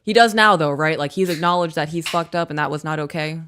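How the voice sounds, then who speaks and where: Low-voiced frank woman reading emails. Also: quick pace, fairly bright tone, smooth. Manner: blunt, frank, swears casually. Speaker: podcast host reading listener emails. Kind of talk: casual live-stream email reading.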